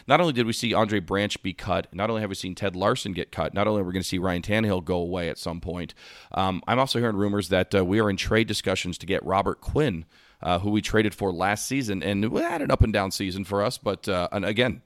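A man co-hosting a casual sports podcast, telling animated stories and acting out voices. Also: low-pitched, fast, no echo, studio quality. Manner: animated storyteller, acts out voices in anecdotes. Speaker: podcast co-host. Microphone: podcast microphone.

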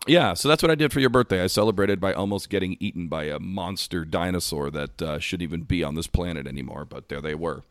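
A man co-hosting a casual sports podcast, telling animated stories and acting out voices. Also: low voice, quick pace, few pauses, no room sound, clean studio sound. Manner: animated storyteller, acts out voices in anecdotes. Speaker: podcast co-host. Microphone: podcast microphone.

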